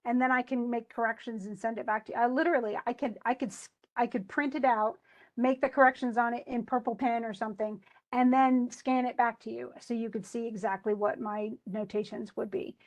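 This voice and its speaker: A woman teaching a class, talking in a loose, conversational way full of restarts and asides. Her voice sits a little higher than most. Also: steady tone, fairly quick. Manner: chatty, with many restarts and asides. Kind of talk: recorded class lecture.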